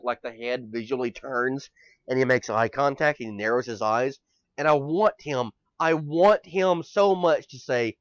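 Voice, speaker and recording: A man co-hosting a podcast in loose, casual chat, excitable and rambling, swearing freely as he gets carried away. His voice sits at an ordinary middle pitch. The sound is dry and a little dull, like a cheap podcast mic. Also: dry recording. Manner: excitable, rambling, swearing, big swings in loudness. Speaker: podcast co-host.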